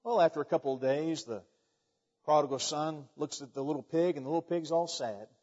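A man's voice: fairly high pitch, a little fast, a little mellow, breathy edge. A male preacher giving a folksy storytelling sermon, often restarting phrases. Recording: dull, echoey hall recording.

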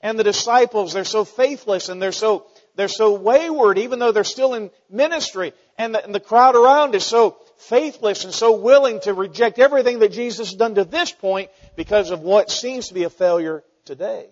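A fairly high-voiced man preaches a sermon, folksy and animated, throwing rhetorical questions at his congregation. His voice rings with a long church-hall reverb, and the recording sounds dull and muffled. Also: normal speed, few pauses. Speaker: pastor.

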